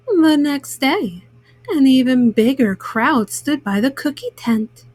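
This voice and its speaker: A woman reading a children's picture book aloud, gentle and unhurried. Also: sits high, animated, dry recording. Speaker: children's story reader.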